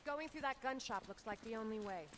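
A woman's voice: fairly high pitch, a little fast, a bit bright, close to an everyday voice. An actress playing a dry, curt female spy. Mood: cool. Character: cool, guarded female spy in her thirties. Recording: game audio under gameplay noise.

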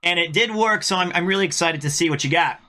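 A man hosting a gaming stream, upbeat and quick to laugh, chatting casually with his guest. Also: high voice, sharp tone. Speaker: host.

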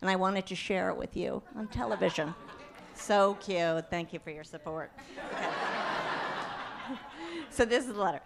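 A middle-aged woman doing a stand-up comedy set on a club stage, telling chatty, animated stories about her kids with mock outrage. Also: lowish voice, measured pace, gravelly, pauses often. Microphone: handheld stage mic. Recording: live club recording with audience. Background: audience laughter and room noise.

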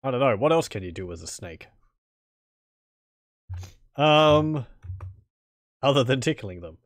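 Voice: mid-range voice, animated, unhurried, dry recording. A streamer doing let's play commentary, thinking aloud, speaking typed game commands and chuckling. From Australia.

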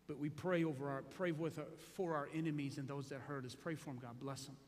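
A male pastor preaching a sermon, moving from hushed storytelling to shouted exhortation. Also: on the high side, steady tone, brisk. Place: large church hall. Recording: echoey hall.

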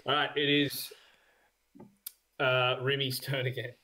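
A man's voice: mid-range voice, little pitch movement, takes it slowly, pushed and bright. A man running a tabletop game as dungeon master, casual and hesitant, with many ums. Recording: faint background noise with clicks.

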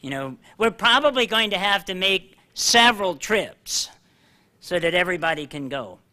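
An older man preaching a sermon, animated and joking at himself, slowing down to read scripture aloud. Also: high-pitched. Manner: animated, self-deprecating, reads scripture slowly. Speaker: pastor. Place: church hall.

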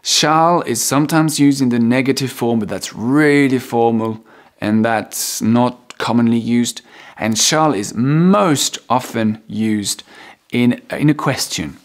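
A French-speaking man teaches English in a loose, unhurried video lesson, pausing often on ums and restarting his sentences. When he acts out example phrases, his voice jumps up high before settling back down. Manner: relaxed, hesitant with frequent ums and restarts.

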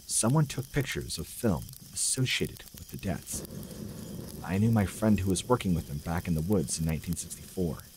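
A man reading submitted scary stories aloud in a slow, measured, dramatic narration, as the channel's regular narrator. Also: low-pitched, expressive, noisy background. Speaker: horror story narrator.

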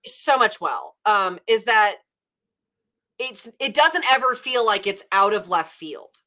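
A woman's voice: medium pitch, sing-song, slow, bright, forceful tone. A young woman from Nashville with a Southern American accent, hosting a casual book club chat and retelling a story in a rambling way with lots of fillers. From Nashville, Tennessee, USA.

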